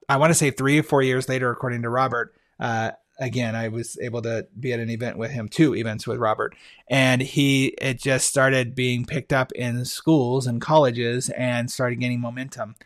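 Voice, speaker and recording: Enthusiastic male podcast host. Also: mid-range voice. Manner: enthusiastic storyteller with many fillers and restarts. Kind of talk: casual solo podcast talk.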